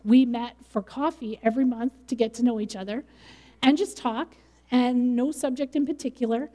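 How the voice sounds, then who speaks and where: A woman's voice: a little high, steady tone, moderate pace, warm tone, big-room sound. A middle-aged woman pastor preaching a sermon in a conversational way, with light laughs.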